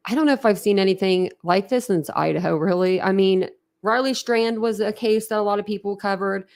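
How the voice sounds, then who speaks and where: A young woman hosts a casual true crime livestream and answers her viewers' comments as they come in. Her voice has a gravelly fry at the ends of phrases, and she keeps it at an ordinary middle pitch. She is chatty and emotional and laughs easily. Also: brisk, darkish tone. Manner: chatty and emotional, laughs often, trails off and restarts. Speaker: host of a true crime channel.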